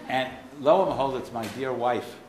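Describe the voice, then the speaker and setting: A man's voice: mid-range voice, moderate pace. An American man with a faded Boston accent giving a keynote lecture, a wry, digressive storyteller with blunt asides. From United States. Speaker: keynote speaker. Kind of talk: anecdotal lecture. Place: lecture hall. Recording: roomy hall with faint noise.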